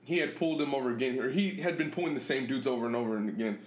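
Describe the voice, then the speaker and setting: A man co-hosting a podcast, telling stories in a profane, animated way, full of fillers. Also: mid-range voice, racing. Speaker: podcast co-host. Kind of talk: casual chat, storytelling. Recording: echoey room with faint ambient noise.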